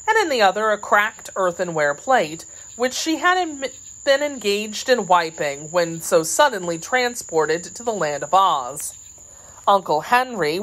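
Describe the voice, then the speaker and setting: A woman narrating a classic children's storybook in a measured, expressive way. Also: medium pitch, low-quality recording. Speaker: audiobook reader.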